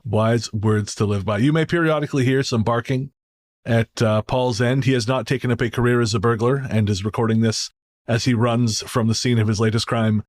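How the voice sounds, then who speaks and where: A man's voice: mid-range voice, steady tone, fairly quick. A man hosting a podcast in a casual, joking, storytelling way. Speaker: podcast host.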